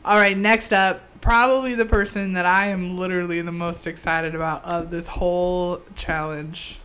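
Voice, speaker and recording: A woman's voice: lowish voice, steady tone, moderate pace, fairly bright tone, clean tone. A woman co-hosting a podcast in casual chat, talking eagerly and laughing often. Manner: chatty, enthusiastic, frequent laughter. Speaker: podcast co-host.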